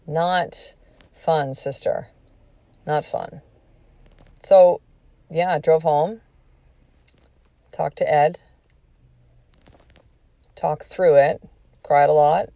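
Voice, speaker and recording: A woman's voice: deep voice, vocal fry, dark tone, dry recording. A woman in her forties hosting a podcast, telling a personal story in a candid, emphatic way and swearing freely. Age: 40s. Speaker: podcast host.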